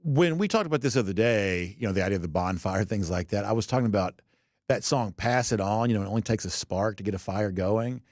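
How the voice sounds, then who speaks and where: A man's voice: lowish voice, quick pace, a little mellow, no room sound, studio quality. A man hosting a college football podcast, talking in a conversational way with folksy asides. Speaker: podcast host. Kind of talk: sports commentary monologue.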